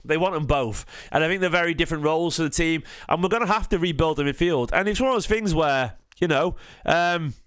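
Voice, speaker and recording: The host of a football fan channel sounds half asleep, speaking in a fairly high, slightly bright voice. He rambles casually, keeps restarting sentences, and throws questions to his chat.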